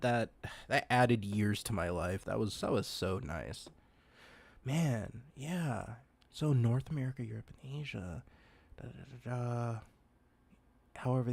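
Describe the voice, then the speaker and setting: An excitable streamer chats through a livestream reaction, gushing and giggling. The voice is mid-pitched and swoops widely up and down. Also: creaky.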